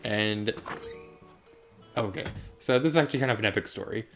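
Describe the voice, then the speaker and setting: Woman with an unusually deep voice, let's play host; chatty, wanders into side stories while gaming. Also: moderate pace, soft background music. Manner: chatty, rambling, goes off on tangents. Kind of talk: casual gameplay commentary.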